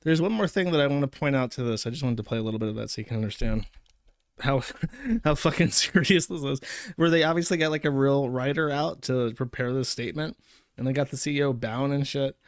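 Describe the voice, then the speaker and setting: A man's voice: medium pitch, fast, no echo, clean studio sound. Sarcastic profane male show host. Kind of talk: casual commentary rant.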